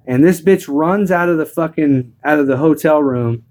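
A man spinning crude comic stories on a podcast, rambling and profane. His voice sits a little high. He keeps the telling loose and playful. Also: moderate pace, darkish tone. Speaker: podcast co-host.

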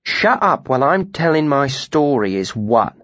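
A man's voice: mid-range voice, big pitch swings, a little slow, a bit bright, no room sound, voice pushed up. A man voicing a fierce, impatient woman warrior who speaks sharply and seethes. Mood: exasperated. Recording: dry, slightly muffled studio recording.

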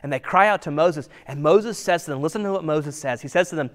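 A man's voice: a little high, quick pace, hardly any pauses, a bit bright. A man preaching a sermon in a conversational way, full of rhetorical questions and sometimes dropping to a near-whisper for emphasis. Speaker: pastor.

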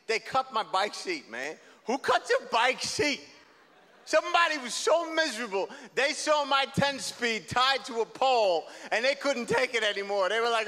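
A young adult man doing an energetic, rambling stand-up comedy set on a theater stage, acting out the people in his stories. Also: very high-pitched, long reverb tail. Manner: energetic, rambling, acts out quoted characters.

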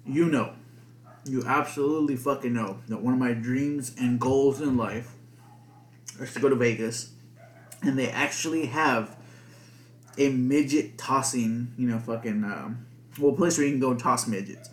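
A man's voice: mid-range voice, unhurried. A young man hosting a podcast alone, rambling casually with lots of swearing and filler words. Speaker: podcast host. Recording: echoey room.

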